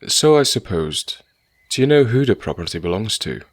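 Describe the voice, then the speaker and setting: A man's voice: on the low side, big pitch swings, moderate pace, no echo, studio quality, pitched above the performer's own voice. A man voicing a poor young writer who talks with easy good humour and earnestness. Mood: friendly. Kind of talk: audiobook character voice.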